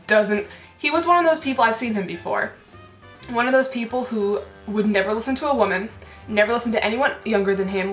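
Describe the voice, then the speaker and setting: This indignant storytime rant comes from a woman vlogger whose voice is mid-range and a bit bright. Swearing and fillers run throughout, over a roomy echo with faint music behind her.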